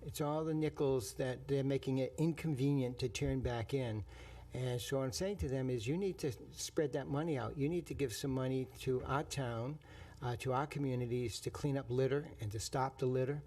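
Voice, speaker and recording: A man's voice: mid-range voice, darkish tone. A man speaking as a town councilor at a council meeting, telling anecdotes in a rambling way.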